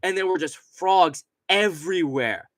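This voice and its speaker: A young man with a high, slightly bright voice talks in an unhurried way on a dry recording. Hosting a casual late-night stream from his computer seat, he rambles, swears and uses lots of fillers into the desk microphone directly in front of him.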